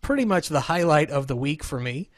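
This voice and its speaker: Joking podcast host, slightly high voice. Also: male voice, animated, a little fast, dry recording, clean studio sound. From Southern Illinois. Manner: joking, rambling, self-deprecating. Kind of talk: casual chat. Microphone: remote call setup.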